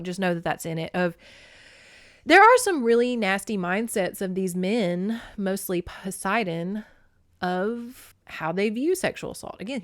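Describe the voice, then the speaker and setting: Woman, podcast host, casual book recap, chatty, irreverent, mid-pitched, dry close sound. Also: no echo. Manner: chatty, irreverent, laughs often.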